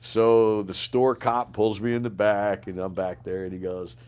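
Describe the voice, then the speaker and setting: A man in his sixties, an army veteran and podcast guest, telling stories in an animated way, swearing often and calling the listener man and bro. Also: fairly low pitch, a little slow, smooth. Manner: animated, profane, says man and bro a lot. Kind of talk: storytelling in a podcast interview.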